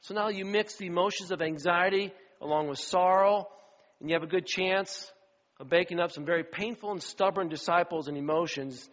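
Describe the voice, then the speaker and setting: Animated pastor preaching in a reverberant church. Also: male voice, a little high. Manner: animated storytelling, acts out quoted voices. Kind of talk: sermon. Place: church sanctuary. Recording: dull sound with long hall reverb.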